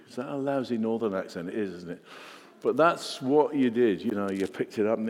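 A man's voice: mid-range voice, lively intonation, a little fast. A man preaching a sermon in an earnest way, repeating words for emphasis and putting questions to the congregation. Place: church. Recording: long church reverb.

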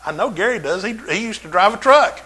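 A middle-aged man, preaching a folksy, humorous sermon in a church with drawn-out emphasis. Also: high voice, lively intonation, bright, forceful tone, breathy edge, poor audio. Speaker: pastor.

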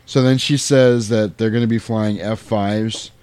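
A man with a low voice recaps a film for his podcast, casually and with lively acted-out quotes. The recording is dry and close, with no room sound around him. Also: unhurried, smooth, no room sound. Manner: animated retelling, acting out quotes, swearing. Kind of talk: casual chat.

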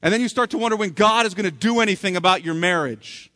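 A man's voice: high voice, quick pace, pushed and bright, long reverb tail. A man preaching a sermon in a church, acting out people's complaints as he goes. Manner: preaching with role-played complaints. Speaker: pastor. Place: church sanctuary.

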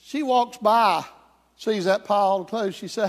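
A man's voice: high voice, a little slow. A male pastor telling a story and then preaching and praying in a sermon. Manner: storytelling, then fervent and prayerful. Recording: echoey hall.

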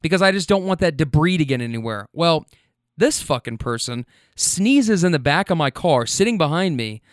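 A man working as a rideshare driver, telling stories in an animated way, swearing freely and using plenty of fillers. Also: a little high, moderate pace, no room sound, studio quality. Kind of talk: casual storytelling.

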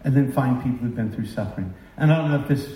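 A man's voice: mid-range voice, fast talker, dark tone. Emotional preacher man in a roomy hall. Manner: emotional, confessional, rising to impassioned outbursts. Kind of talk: sermon. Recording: roomy sound from a distance.

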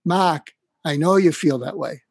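A man imitating an older male mentor with a Boston accent, who gently presses him with questions and keeps repeating his name. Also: a little high, measured pace, slightly rough, no echo, studio quality. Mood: coaxing. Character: older male mentor, warm, coaxing, insistent.

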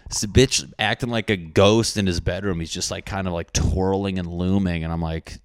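A man with a low, deep voice rambles through a comedic monologue, swearing freely and mocking himself. His energy is excitable and loose. The sound is close and dry, with no room around it. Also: moderate pace, smooth, no room sound. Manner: profane, excitable, self-mocking.

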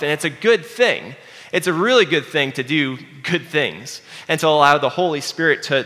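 A man preaching a sermon earnestly, dropping low and quiet to stress his key points. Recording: long hall reverb.

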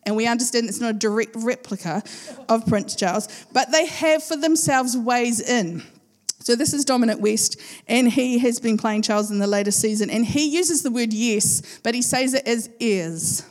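A woman preaches in a lively, chatty way and laughs easily with her congregation. Her voice sits a little high. A long reverb hangs around her words in a large hall. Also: normal speed. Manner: chatty and playful, laughs often, speaks to a live congregation. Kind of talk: sermon.

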